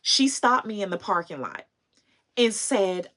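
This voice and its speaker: A woman's voice: mid-range voice, very animated, measured pace, a bit bright. A woman vlogger telling a heartfelt story on a livestream, earnest and emotional, breaking into laughs and chatting with viewers. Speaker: fashion and consignment vlogger.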